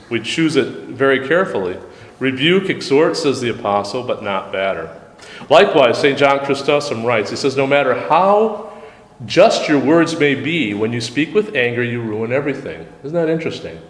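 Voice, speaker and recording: A man's voice: medium pitch, animated, moderate pace, a little hiss or hum. Conversational man teaching in echoey room. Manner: conversational, frequent restarts, quotes texts aloud. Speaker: deacon leading a study group. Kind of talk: casual teaching discussion. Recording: echoey room with long reverb.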